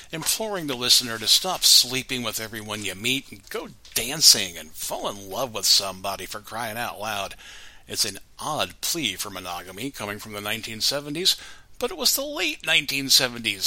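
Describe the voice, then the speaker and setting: Guy hosting a music show, bright sharp voice, super dry close sound, sarcastic little jokes. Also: medium pitch, sing-song, moderate pace, dry recording, poor audio. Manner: wry, sarcastic asides. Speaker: radio show host.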